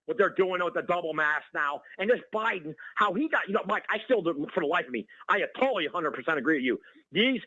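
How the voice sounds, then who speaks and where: High-pitched guy going off on a call-in show, talks super fast, bright sharp voice, muffled lo-fi line. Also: no room sound. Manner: ranting, excitable, repeats the host's name. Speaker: caller. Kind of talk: heated call-in rant.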